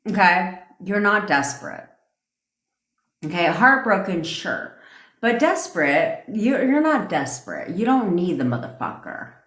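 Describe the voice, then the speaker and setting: A woman's voice: on the low side, very animated, a little slow, fairly bright tone, reverberant. A woman coaching on a livestream, ranting bluntly and profanely and answering viewers' comments. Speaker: manifestation coach. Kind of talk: casual livestream rant.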